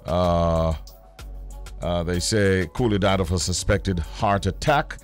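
A man's voice: low voice, takes it slowly, soft background music. A man hosting a morning radio show, reading news in a conversational way with fillers and restarts. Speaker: radio host.

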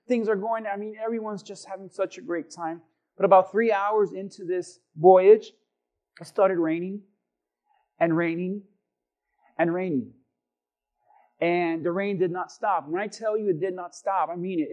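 Pastor, male, high-pitched, animated storyteller; sermon with humor. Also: rough recording. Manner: animated, acts out voices in anecdotes.

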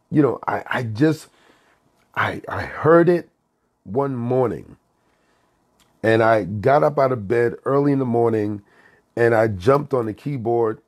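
Slow, husky-voiced pastor chatting live. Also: male voice, medium pitch, darkish tone. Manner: fervent, repeats phrases, greets viewers by name. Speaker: senior pastor. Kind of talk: casual live-stream chat with viewers.

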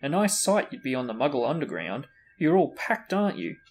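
A man reading aloud, voicing a brisk, bossy middle-aged mother who scolds shrilly. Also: a little high, very animated, gravelly. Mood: scolding.

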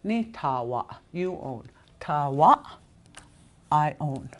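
Patient woman teaching a language lesson. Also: on the low side. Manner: patient, repeats words slowly, explains step by step. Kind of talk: recorded language lesson at a board.

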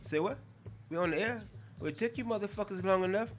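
A man's voice: high-pitched, quick pace, soft background music. Ranting, profane comedy news man. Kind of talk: mock news rant.

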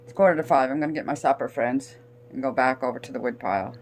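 A woman's voice: extremely low pitch, fast, a little hiss or hum. A woman from Canada chatting casually on a phone camera, out of breath from outdoor work. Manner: chatty, laughs often, talks to her cats in a sweet baby voice. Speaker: vlogger. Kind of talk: casual vlog chat. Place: outdoors at a rural woodpile, then indoors at home. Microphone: handheld phone camera.

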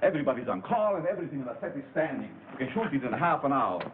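An actor as a persuasive studio executive. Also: male voice, mid-range voice, big pitch swings, rapid-fire, close to an everyday voice. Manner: placating, persuasive. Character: smooth studio executive calming others. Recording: tinny old film soundtrack with hiss.

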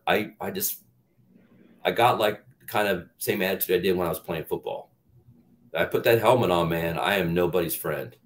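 A middle-aged man with a very deep voice talks as an actor guest on an interview show. He tells candid stories in a loose, rambling way, often restarting his sentences. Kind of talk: casual interview chat.

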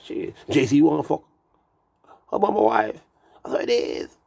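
A man's voice: on the high side, sing-song, moderate pace, gravelly, mellow, slightly rough. A man who has been drinking, rambling through a profane, meandering monologue full of wordplay. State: tipsy from drinking.

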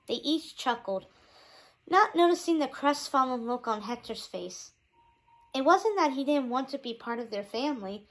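Teacher narrating a kids' chapter book, expressive, slightly high voice. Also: female voice, normal speed, rough recording. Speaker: teacher reading aloud. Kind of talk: children's book read-aloud.

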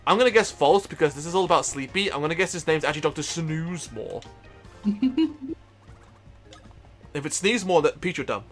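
A man's voice: fairly high pitch, animated, brisk, pauses often, a bit bright, soft background music. A young man live-streaming a video game, joking, swearing casually and laughing often. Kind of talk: live-streamed let's play.

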